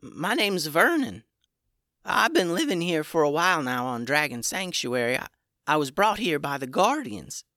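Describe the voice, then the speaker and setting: A man voicing a small, injured young male black dragon who talks in a shaky, halting, frightened way. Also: very animated, sharp tone, no room sound, clean studio sound, heavily acted. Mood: shaken. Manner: shaky, breathless, high and halting.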